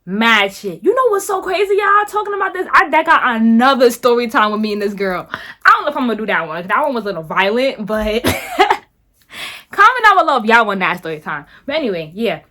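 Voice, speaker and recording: Young New woman vlogger, brightish pitch, profane and chatty, storytime delivery. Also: fairly quick. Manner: profane, animated, lots of filler words. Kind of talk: casual storytime.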